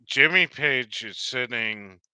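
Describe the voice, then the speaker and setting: A man's voice: medium pitch, expressive, slow pace, sharp tone, smooth, no echo. A man telling a long, rambling anecdote in casual chat, swearing freely and restarting his sentences. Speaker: guest.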